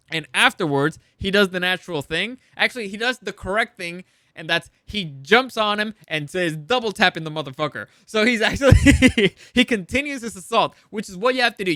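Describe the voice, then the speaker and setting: A man hosting a review show, recapping a TV episode in a rambling, animated way, acting out characters with laughs and swearing. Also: high-pitched, no room sound, studio quality.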